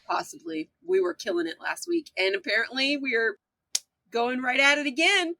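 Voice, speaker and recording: A woman's voice: high-pitched, animated, normal speed, vocal fry, sharp tone, a little hiss or hum. A woman taking part as a player in a tabletop role-play session, playful and joking about her own bad dice rolls.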